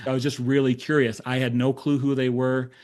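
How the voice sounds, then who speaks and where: In a talk presenting case studies, a middle-aged therapist tells a case story in a medium-pitched voice at normal speed. He brings the quoted exchanges to life, acting them out and joking at his own expense.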